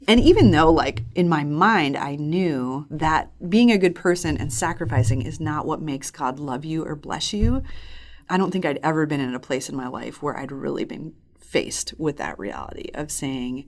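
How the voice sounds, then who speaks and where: A woman's voice: deep voice, normal speed. A woman in her thirties telling a personal faith story in an earnest, reflective way as a podcast guest. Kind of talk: personal testimony in conversation.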